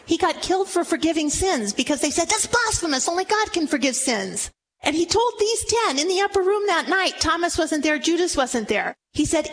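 A woman in her sixties preaching a sermon with emphatic swings between fervent raised exhortation and low, slow reflection. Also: a little hiss or hum.

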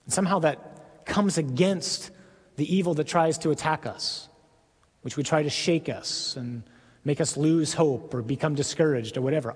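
A man preaching a sermon in an earnest, emphatic way with deliberate pauses. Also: a little high, in a large hall.

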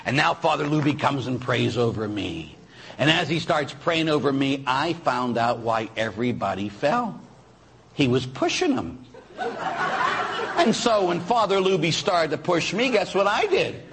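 A man's voice: on the high side, big pitch swings, unhurried, a bit bright, a little hiss or hum. A man who is a Catholic priest, preaching a sermon through chatty personal stories and often tagging his sentences with "huh?". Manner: chatty storyteller, tags lines with "huh?"; acts out voices of people in his stories.

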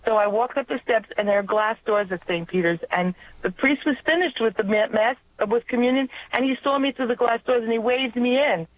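A woman caller with a New York accent, earnestly telling a personal faith story and often restarting her words. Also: a little high. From Long Island, New York. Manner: earnest, halting, restarts mid-word. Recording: tinny phone line.

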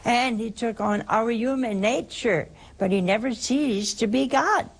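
Slow, gravelly older woman preaching. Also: on the high side. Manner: slow, emphatic, repeats key phrases. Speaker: religious radio host answering callers. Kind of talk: preaching call-in radio answer.

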